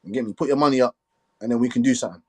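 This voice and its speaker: A man hosting a casual live stream, talking quickly and filling his speech with "you get me". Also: medium pitch. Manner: fast, repetitive filler "you get me".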